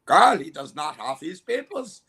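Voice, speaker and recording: A man's voice: fairly high pitch, sing-song, unhurried, crowd noise. A man putting on a German-accented voice to play a stern male officer demanding papers.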